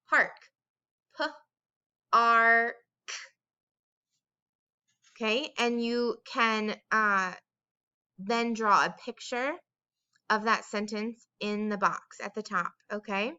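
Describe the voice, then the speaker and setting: A woman teaching young children in a recorded dictation lesson, with a bright, smooth voice. She talks slowly in a sing-song way and draws out each sound of a word. The recording is a little dull and lo-fi. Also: mid-range voice.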